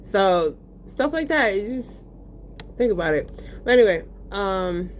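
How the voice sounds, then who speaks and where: A woman ranting casually while gaming, profane and animated, full of fillers. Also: medium pitch, slow pace, long pauses, a little hiss or hum. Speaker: vlogger.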